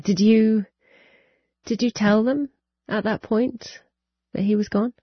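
A woman interviewing a guest, gently restarting her questions as she goes. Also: fairly high pitch, steady tone, slow, husky, no room sound, lo-fi sound.

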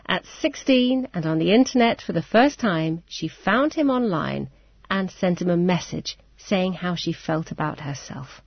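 A woman narrating and asking calm, measured questions as the interviewer in a broadcast interview. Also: lowish voice, gravelly, slightly rough, no echo, dull audio.

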